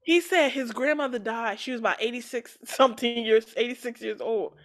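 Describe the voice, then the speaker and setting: A woman co-hosting a casual chat, retelling a story with lively acted-out quotes and frequent laughter. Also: on the high side, brisk. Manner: animated storytelling, acts out quoted voices, laughs often. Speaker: podcast co-host retelling a story.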